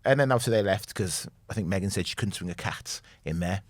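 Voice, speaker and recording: Laid-back guy hosting, low-ish voice, quick to laugh. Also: no echo, clean studio sound. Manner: easygoing, laughs readily, brief agreeing interjections. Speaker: host. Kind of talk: casual talk show chat.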